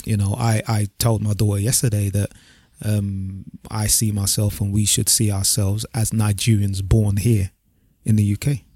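A man, co-hosting a podcast in relaxed, reflective casual chat and dropping slang like "bruv". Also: lowish voice, normal speed, few pauses, slightly rough, no echo. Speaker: podcast co-host.

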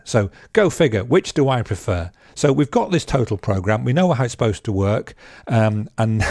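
A man's voice: medium pitch, very animated, normal speed, darkish tone, no room sound. Chatty man teaching programming, dry sound. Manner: chatty, joking asides, frequent ums and restarts. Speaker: programming instructor. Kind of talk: casual spoken lesson.

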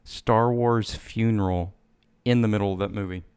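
A man with a lowish, smooth and resonant voice. He chats in a relaxed, agreeable way, chiming in with his own thoughts on a film. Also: normal speed. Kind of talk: casual film discussion.

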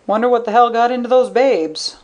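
A woman voicing a fat, brash man who talks in a loud, blunt drawl. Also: fairly high pitch, a little fast, pitched above the performer's own voice, natural voice. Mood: gruff.

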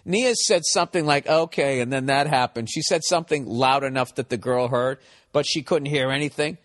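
A man's voice: medium pitch, brisk, fairly bright tone, big-room sound. A man hosting a solo podcast, telling stories in a profane, self-mocking ramble. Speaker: podcast host.

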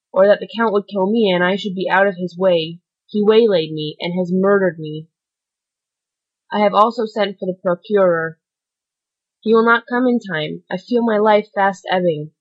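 A woman's voice: mid-range voice, highs cut off, close to an everyday voice. A woman reading aloud, voicing a wounded dying man who pleads frantically for help. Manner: frantic, gasping pleas.

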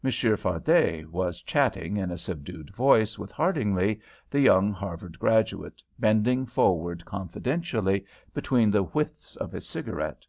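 Gravelly male audiobook narrator. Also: fairly low pitch, a little slow, few pauses. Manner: expressive, storytelling. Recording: dull lo-fi recording.

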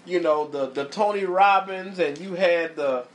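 A man preaching a sermon, emphatic and repetitive, often pausing to tell his listeners to watch closely. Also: high-pitched, slight background noise.

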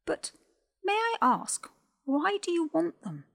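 A woman voicing a kindly bird-keeping woman in a higher, hesitant voice. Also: very animated, slow, creaky, a bit bright, full character voice. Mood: unsure. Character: kindly bird-loving woman, flustered then fierce.

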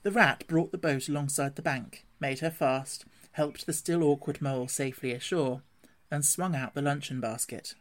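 Measured storybook narrator. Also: medium pitch, fairly even intonation. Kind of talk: storybook reading.

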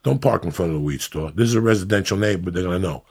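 A middle-aged man from New Jersey hosting a podcast, telling stories in a profane, animated, ranting way. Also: sits low, racing, vocal fry, breathy edge. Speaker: podcast host. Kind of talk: casual podcast banter.

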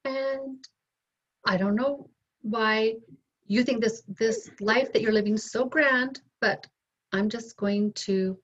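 A middle-aged woman telling her story as an interview guest, candid and animated, acting out both sides of past conversations. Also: a little high, slow pace. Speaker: interview guest, bereaved mother. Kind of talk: emotional personal storytelling. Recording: dull lo-fi sound.

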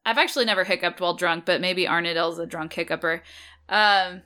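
Bright-voiced woman rambling through her character's thoughts, lots of "like". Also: on the low side, fairly even intonation, a little fast, clean tone. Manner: rambling, filler-heavy, laughing, swearing. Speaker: player. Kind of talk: casual chat, tabletop role-play.

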